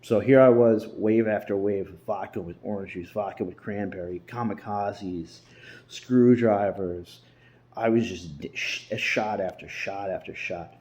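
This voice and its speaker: A man's voice: on the low side, a little slow, a little mellow. A man vlogging in a casual, rambling way from an emptied-out house, swearing freely and restarting his sentences. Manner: profane, loose, rambling with restarts.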